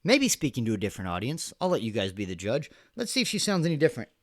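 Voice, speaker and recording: Fast-talking, with a medium-pitched voice that swoops wildly, this podcast host in his thirties rambles through sarcastic political commentary, laughing and restarting as he goes. There's noise in the background.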